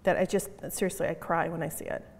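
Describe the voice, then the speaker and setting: A middle-aged conference speaker with a lowish, flat, vocal-fry voice delivers a keynote at a quick pace, emphatic and punchy, repeating her key phrases. The conference hall gives a long reverb, with slight background noise.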